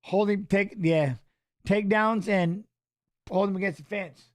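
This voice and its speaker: A middle-aged man hosting a fight watch-along, animated, coaching the fighters and chatting with viewers. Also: sits high, unhurried. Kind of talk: live watch-along commentary and chat reading.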